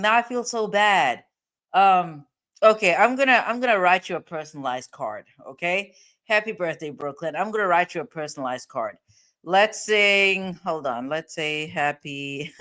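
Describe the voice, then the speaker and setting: A woman's voice: on the low side, fairly bright tone. A woman hosting a livestream, talking casually to her viewers. She is chatty and laughs easily. Her voice sounds a little tired. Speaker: livestream host.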